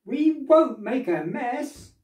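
A man voicing a bold, rowdy wild male teddy bear with a high, cheerfully reassuring put-on voice. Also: sing-song, slow, darkish tone, full character voice. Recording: roomy echo, distant mic.

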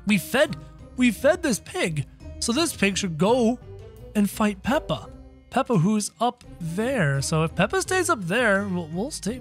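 Guy doing a high-pitched jumpy cartoon rabbit, voice bounces all over, keeps yelping at the game. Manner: excitable, yelps and shouts when startled, chatters to viewers. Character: jumpy, excitable male cartoon rabbit gamer. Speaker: video game player. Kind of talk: let's-play commentary in character.

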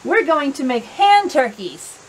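A woman reading a calm, pleasant schoolteacher. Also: high-pitched, a little slow, a little hiss or hum. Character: polite female schoolteacher on a field trip.

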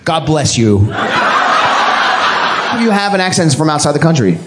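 High, lively stand-up comedian. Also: male voice, moderate pace. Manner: teasing, animated, laughing at own jokes. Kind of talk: stand-up crowd work. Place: comedy club stage with live audience. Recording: loud audience laughter and room noise. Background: crowd laughter.

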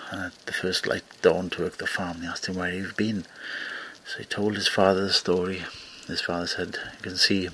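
A man hosting a show, retelling a folk tale in an unhurried storytelling way. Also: low-pitched, bright, forceful tone, husky, rough recording. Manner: unhurried storytelling with small restarts. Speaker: storyteller host.

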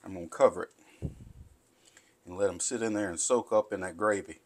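A man's voice: low voice, fairly quick, a little hiss or hum. A man, hosting a casual home cooking tutorial in a folksy, chatty way. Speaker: cooking show host. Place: home kitchen.

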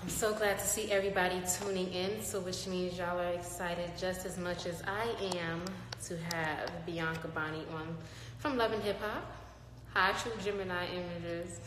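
A woman hosts a casual live stream from her phone, chatting playfully and calling out viewers by name. Her voice rings around a roomy space with a long reverb tail, and faint ambient noise sits underneath. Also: medium pitch. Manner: chatty and playful, gives shout-outs to viewers. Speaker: host of an online live show.

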